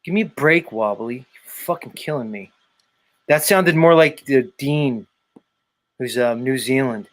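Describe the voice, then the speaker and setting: A man's voice: medium pitch, measured pace. A man hosting a casual podcast chat, swearing freely and goading a viewer in a ranting, profane way. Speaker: podcast host.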